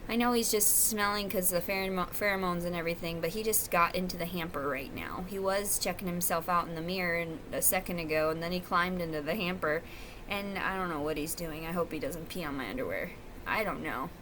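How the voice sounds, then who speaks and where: A woman with a lowish voice talks briskly to the camera from inside her home, with noise in the background. She's a vlogger delivering a rambling, confessional monologue full of profanity.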